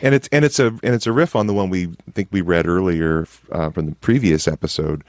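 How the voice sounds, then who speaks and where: A man's voice: low-pitched, a little fast, no room sound, clean studio sound. A man co-hosting a podcast, talking reflectively in casual chat with light laughs. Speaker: podcast co-host.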